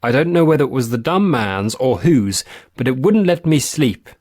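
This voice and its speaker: A man's voice: medium pitch, big pitch swings, normal speed, a little mellow, no echo, clean studio sound. A man voicing an imperious, irritable old woman who commands her household in a haughty, petulant way. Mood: cold, imperious.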